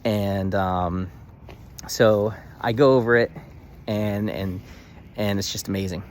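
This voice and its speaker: Young guy, low voice, chatty vlog story, lots of um and restarts, gets real excited. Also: slow, a little hiss or hum. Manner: animated, emphatic, many fillers and restarts. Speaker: vlogger. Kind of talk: casual storytelling to camera.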